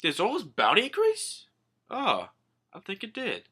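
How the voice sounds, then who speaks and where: Young man, casual comic recap, rambling, lively pitch, bright voice. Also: measured pace, breathy edge. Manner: rambling retelling with "all like" quotes and swearing. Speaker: manga reviewer.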